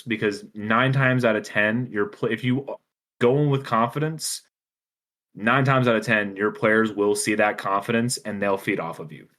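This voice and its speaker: A man's voice: medium pitch, normal speed, fairly bright tone. A man talking casually as a podcast guest, giving eager advice full of fillers about running tabletop games. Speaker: podcast guest, dungeon master. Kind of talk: casual chat.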